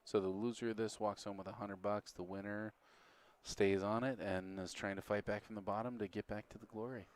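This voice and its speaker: A man handles play-by-play at a pool tournament in a very deep voice. He talks at an even, steady pace and keeps explaining the bracket, the stakes and the score. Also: brisk. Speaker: pool commentator. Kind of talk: play-by-play commentary.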